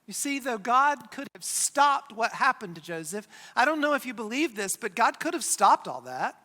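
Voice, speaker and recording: A pastor preaching a sermon, retelling a scripture story with dramatic pauses and dropping low for emphasis. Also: sing-song, bright, forceful tone. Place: church sanctuary. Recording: long church hall reverb.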